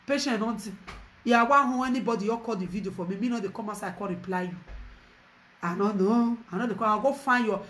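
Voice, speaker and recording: A Nigerian woman talks straight to her audience in a casual commentary, insistent and animated, mixing Pidgin and English. Her pitch sits mid-range for a woman. A faint hiss of background noise runs under her voice. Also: fairly quick. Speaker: social media commentator.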